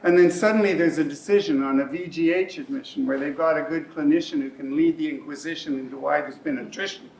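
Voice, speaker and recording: A man's voice: a little high, steady tone, fast, few pauses, a little mellow, a little hiss or hum. A middle-aged man performing a rhymed spoken-word monologue on stage, with a rhythmic, emotionally shifting delivery. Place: community centre hall, live stage. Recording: echoey hall, mic at a distance.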